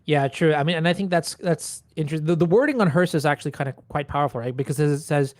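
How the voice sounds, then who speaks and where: A man's voice: fairly high pitch, fast talker, dry recording, clean studio sound. A man commentating a card game tournament, explaining rules and plays with many fillers.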